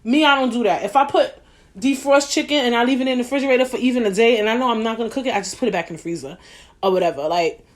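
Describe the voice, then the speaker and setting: A young woman telling a story as a podcast host, blunt, profane and animated. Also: a little high, racing. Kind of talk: casual monologue.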